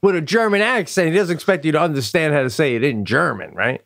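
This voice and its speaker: Male co-host, slightly high voice, loose laughing riffs. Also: lively intonation, fast, gravelly, fairly bright tone. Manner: laughing, riffing, rambling. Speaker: podcast co-host. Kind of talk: casual comedic chat.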